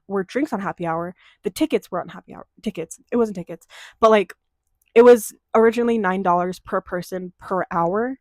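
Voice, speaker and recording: Profane, animated young woman telling a story. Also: mid-range voice, dry recording. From Denver, USA. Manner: animated, profane, dramatic storytelling with quoted voices. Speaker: vlogger. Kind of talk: casual storytime chat.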